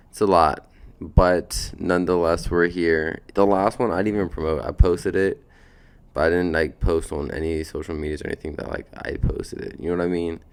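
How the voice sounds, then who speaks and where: A man's voice: sits low, clear, resonant tone. A sleepy young man hosting a podcast from a beanbag at home, chatting in a laid-back, rambling, slangy way. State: sleepy, just woken up. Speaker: podcast host. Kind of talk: casual rambling podcast chat.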